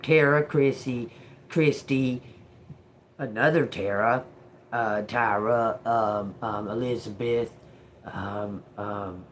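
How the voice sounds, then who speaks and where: A middle-aged woman hosting a livestream tells her audience a blunt, profane story as a casual monologue. Her voice is extremely low, with a little hiss or hum.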